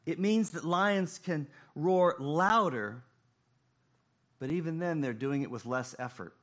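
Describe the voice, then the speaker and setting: Slow, dramatic male preacher. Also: a little high. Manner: slow, dramatic, swings between loud emphasis and hushed tones. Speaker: pastor. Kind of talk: sermon.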